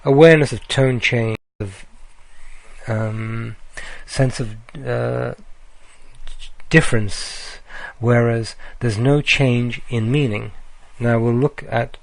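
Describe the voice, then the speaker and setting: A man giving a recorded slide lecture, speaking deliberately with frequent ums and uhs. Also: mid-range voice, fairly even intonation, vocal fry, dry recording.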